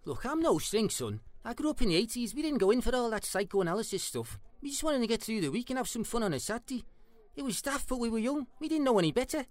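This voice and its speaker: An actor with a Scouse accent playing a jokey, chatty former football hooligan in a comedy interview. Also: male voice, very high-pitched, very animated, quick pace, no echo. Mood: jovial. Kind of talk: scripted comedy dialogue.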